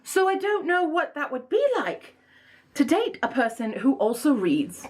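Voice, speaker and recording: A woman book vlogger chatting casually in a put-on snobbish accent, playful and self-mocking, her pitch swooping up and down. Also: big pitch swings, unhurried. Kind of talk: casual chat.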